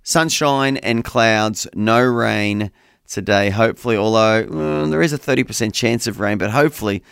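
A man's voice: fairly low pitch, moderate pace, gravelly, fairly bright tone, clean tone, no room sound. A man co-hosting a breakfast radio show in a studio, chatty, upbeat and playful in his banter.

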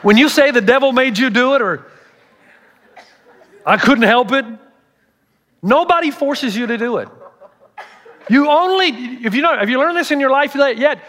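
A man's voice: extremely high pitch, lively intonation, moderate pace, long pauses, fairly bright tone. A middle-aged man, a pastor preaching a sermon with humorous storytelling.

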